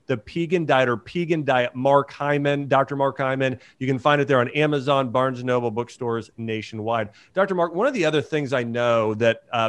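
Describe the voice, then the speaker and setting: Male podcast host, mid-pitched, upbeat, encouraging, dry close sound. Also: dry recording. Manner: enthusiastic, encouraging listeners. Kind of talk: podcast interview.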